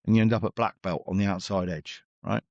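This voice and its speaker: Gravelly blunt business coach. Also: male voice, deep voice, steady tone, brisk, a little mellow, dry recording, muffled recording. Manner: blunt, chatty, acts out exchanges with clients. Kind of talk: podcast interview guest.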